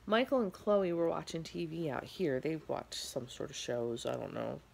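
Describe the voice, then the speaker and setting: A woman's voice: low voice, lively intonation, normal speed, creaky, darkish tone, slight background noise. A tired middle-aged woman vlogging from home, telling a rambling story with lots of fillers. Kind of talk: casual storytelling vlog.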